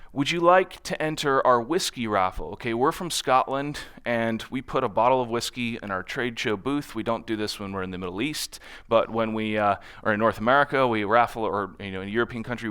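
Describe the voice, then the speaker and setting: A man's voice: lowish voice, fairly quick, few pauses, fairly bright tone, smooth. Man giving a conversational conference talk. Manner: conversational, often adds "right?" to check in. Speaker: conference speaker. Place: conference stage in front of an audience.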